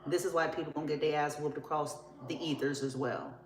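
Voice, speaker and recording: A woman's voice: low-pitched, steady tone, brisk, reverberant, a little hiss or hum, rough recording. A woman giving a casual tarot reading, blunt and profane, often laughing as she talks. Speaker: tarot reader.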